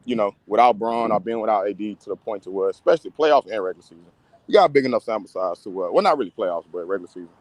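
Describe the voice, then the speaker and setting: A man's voice: on the low side, animated, very fast, dry recording. A man co-hosting a casual sports debate, defending his argument and explaining at length.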